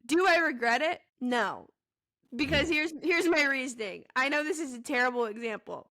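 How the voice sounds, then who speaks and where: A giggly young woman in her twenties rambles through casual chat, with "like" in nearly every sentence. Her voice sits high and sounds bright. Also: expressive, normal speed. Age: 20s. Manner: giggly, rambling, heavy use of "like". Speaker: podcast co-host.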